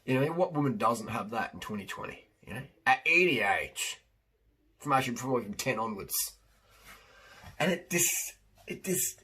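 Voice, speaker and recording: A man's voice: mid-range voice, a bit bright, slightly rough. A man coaching diet and fitness in a rambling, blunt, unscripted monologue, slipping into quoted voices. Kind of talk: unscripted one-take monologue.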